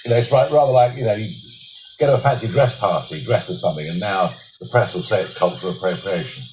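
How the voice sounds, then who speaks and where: A man's voice: on the low side, fast, darkish tone, slight background noise. A man in his fifties talking casually as a reality show contestant, stammering and hesitant, then emphatic. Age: 50s. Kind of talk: casual conversation.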